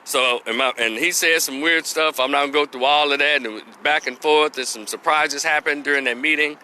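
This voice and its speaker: A man telling a personal story, animated, laughing and acting out the voices of the people in it. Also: fairly high pitch, fairly quick, slight background noise. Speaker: vlogger. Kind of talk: casual storytelling vlog.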